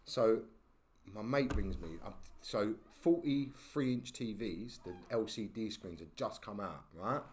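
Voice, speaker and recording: A man, a podcast guest telling stories in casual talk, animated and full of slang and tag questions. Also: fairly low pitch, a little slow, a little hiss or hum. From England. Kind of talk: casual storytelling.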